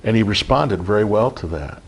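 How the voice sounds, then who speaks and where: Husky middle-aged man giving earnest spiritual teaching. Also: lowish voice, animated, normal speed. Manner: earnest, repetitive, frequent "okay?" check-ins. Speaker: spiritual group leader.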